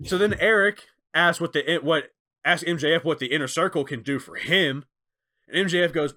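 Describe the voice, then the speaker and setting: A man co-hosting a casual chat who talks in an animated way and acts out quotes in different voices. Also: fairly high pitch, moderate pace. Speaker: podcast co-host.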